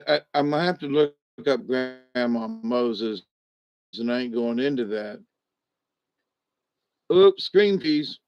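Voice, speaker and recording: An older man chatting casually to his viewers, drowsy and a little medicated after a hospital stay, meandering and halting with many restarts. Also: mid-range voice, smooth, dry recording. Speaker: vlogger talking to live chat. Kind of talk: rambling casual chat to viewers. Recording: dry, dull lo-fi home recording.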